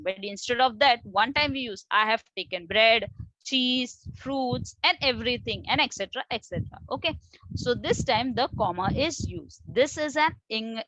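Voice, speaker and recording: A woman teacher with an Indian English accent, explaining grammar to children slowly and with many repetitions. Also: a little high, pushed and bright, no room sound, rough recording. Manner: explains slowly, repeats words, addresses children. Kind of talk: online grammar lesson.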